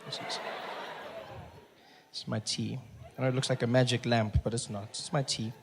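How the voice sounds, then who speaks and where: A man from Africa, telling an animated stand-up story that swings between loud and hushed. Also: mid-range voice, moderate pace, gravelly, a little hiss or hum. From South Africa. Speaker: comedian. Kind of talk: stand-up comedy.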